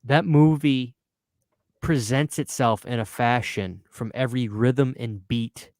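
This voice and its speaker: A mid-pitched man talks fast and loose on a podcast, cursing freely and repeating himself as he gets fired up. The sound is dry and close, with no room around it. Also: no echo. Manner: excitable, swearing, repeats words when worked up. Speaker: podcast host. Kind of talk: casual chat.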